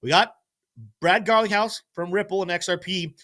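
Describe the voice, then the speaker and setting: A man's voice: high-pitched, fairly even intonation, normal speed, bright, forceful tone. A man hosting a live-stream crypto show, energetically talking through charts and addressing his chat, sometimes stumbling over names. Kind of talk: live-stream market commentary.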